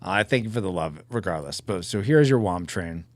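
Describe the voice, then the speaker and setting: A man's voice: low-pitched, expressive, a little fast, no echo. A man live-streaming while drawing pixel art, chatting casually and joking about himself to his viewers. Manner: chatty, self-mocking, talks to chat.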